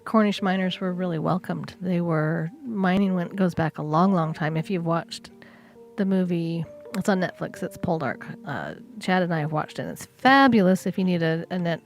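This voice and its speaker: A woman co-host chats casually on a podcast, drifting into asides. Her voice sits low. Faint music plays underneath. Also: normal speed. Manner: chatty and digressive.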